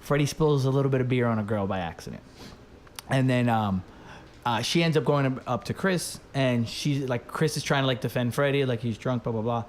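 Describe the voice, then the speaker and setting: A man's voice: medium pitch, a little fast, a little hiss or hum. A young man telling a story in casual chat, rambling, swearing, leaning on "like". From Dominican family, raised in the US. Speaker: podcast host.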